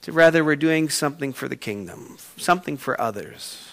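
A man preaching a sermon, retelling a story with sudden swings from quiet to loud. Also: on the high side, animated, moderate pace, vocal fry. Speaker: pastor.

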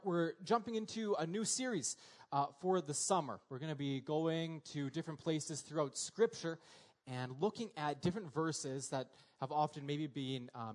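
A young man preaching a conversational sermon as a pastor, with a halting manner full of fillers and restarts. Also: a little high.

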